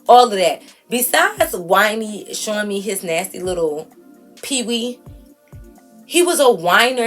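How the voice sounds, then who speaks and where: A woman vlogger telling a story to her viewers in a casual, animated, exasperated way with plenty of slang. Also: medium pitch.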